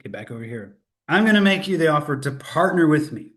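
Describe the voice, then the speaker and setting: A man's voice: a little high, sing-song, fairly quick, a bit bright. Upbeat man hosting a live webinar. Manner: upbeat, self-correcting, laughs at own slip-ups. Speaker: webinar host.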